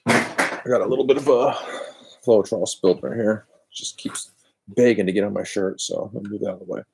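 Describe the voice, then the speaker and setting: A man's voice: fairly low pitch, fairly quick, gravelly, breathy edge. A man chatting casually and rambling on a craft live stream from a cold garage, picked up by a laptop's built-in microphone. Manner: rambling, chatty, self-deprecating. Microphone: built-in computer microphone.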